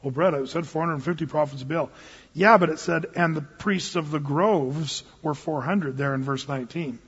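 Husky-voiced man preaching in a reverberant hall. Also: on the high side, moderate pace. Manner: casual, animated storytelling preacher. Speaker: pastor. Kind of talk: sermon. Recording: dull recording with long hall reverb.

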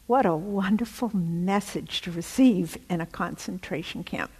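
A woman's voice: on the low side, measured pace, darkish tone, husky, big-room sound. A woman telling a story in a sermon, dramatic, often dropping to a near whisper. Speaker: preacher.

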